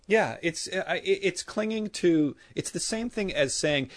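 A man's voice: high voice, expressive, unhurried, few pauses, no room sound, studio quality. A man co-hosting a podcast, ranting sarcastically in casual chat, his voice jumping up when he gets worked up. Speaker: podcast co-host.

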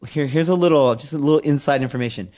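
A man co-hosting a comedy podcast in casual chat, playful and animated, slipping into mock announcements. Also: fairly high pitch, fast talker. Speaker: podcast co-host.

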